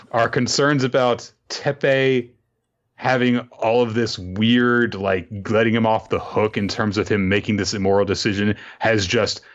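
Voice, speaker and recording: Low-voiced man, animated storyteller. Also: lo-fi sound. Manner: animated storytelling, profane asides. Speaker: podcast host. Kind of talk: casual recap of a manga chapter.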